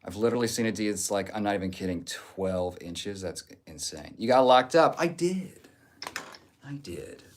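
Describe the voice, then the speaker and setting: A low-voiced man livestreams at normal speed with hardly any pauses. He reads viewers' comments aloud and replies with crude, jokey banter in a casual chat.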